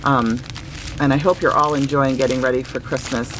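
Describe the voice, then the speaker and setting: A woman's voice: very deep voice, steady tone, normal speed, fairly bright tone, slight background noise. A woman opening handmade gifts on her craft vlog, gushing and sentimental, with many fillers. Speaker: craft vlogger. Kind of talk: casual gift-opening vlog.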